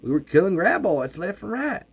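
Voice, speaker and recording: A man's voice: high voice, very animated, moderate pace, vocal fry, husky, voice pushed up, heavily acted. A man voicing an easygoing male handyman who talks in a casual, offhand way.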